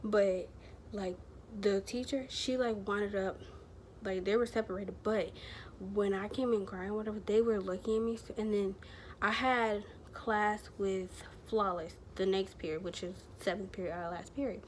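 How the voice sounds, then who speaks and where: Woman vlogger, mid pitch, chatty and rambling, slangy storytelling, faint background hiss. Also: steady tone, normal speed, darkish tone. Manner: rambling, chatty, heavy use of filler words and slang. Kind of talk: casual storytelling to camera.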